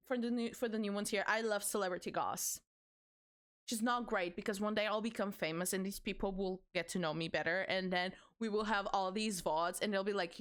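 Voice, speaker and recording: A young woman streamer chatting casually with her viewers, excitable and teasing, swearing freely and laughing often. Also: medium pitch, smooth. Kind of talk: casual livestream chat with viewers.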